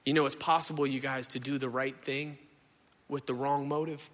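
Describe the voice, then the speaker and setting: A pastor preaching a sermon into a stage microphone in a church hall, impassioned and conversational, often asking the crowd questions. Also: male voice, mid-range voice, level tone, normal speed, a bit bright.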